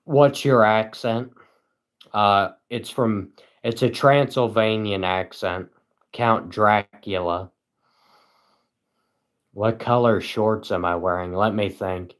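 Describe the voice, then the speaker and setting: A man livestreaming at home, reading chat aloud and answering with deadpan sarcasm and frequent chuckles. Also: fairly low pitch, slow pace.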